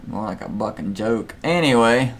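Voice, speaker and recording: A man co-hosting a comedy podcast, teasing and roasting a guest in quick banter. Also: mid-range voice, animated. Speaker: podcast co-host.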